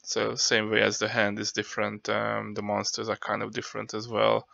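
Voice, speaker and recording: A man tabletop player loosely retells what his group did, filling gaps with fillers. His low voice is gravelly and bright. The audio is dry and dull, like an online call. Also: completely flat delivery, moderate pace, no echo. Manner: rambling, loose, with many fillers. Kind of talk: casual recap of a tabletop game.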